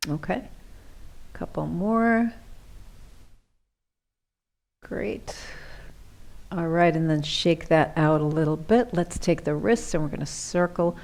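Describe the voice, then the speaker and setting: A middle-aged woman leading a seated yoga class, giving gentle, chatty cues and often checking in with "right?". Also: sits low, a little slow, vocal fry. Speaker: chair yoga instructor.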